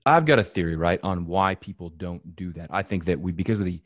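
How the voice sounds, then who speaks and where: A man with a very deep voice chatting casually as a podcast host. He talks loosely, with lots of "dude" and "right". His voice is close and dry, with no room around it. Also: brisk, no echo. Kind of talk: casual chat.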